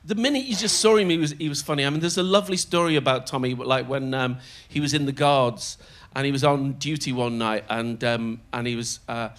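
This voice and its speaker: An older man telling show-business anecdotes as a guest on stage, animated and often laughing as he slips into other people's voices. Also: medium pitch, a little fast, few pauses. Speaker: comedian guest. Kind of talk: storytelling anecdotes in conversation. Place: on stage in a theatre before a live audience.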